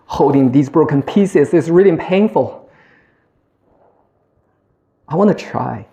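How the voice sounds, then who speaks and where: A man in his thirties telling a personal story as a speech, slow and heartfelt, acting out the dialogue. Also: fairly high pitch, expressive, creaky, mellow, highs cut off. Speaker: public speaker.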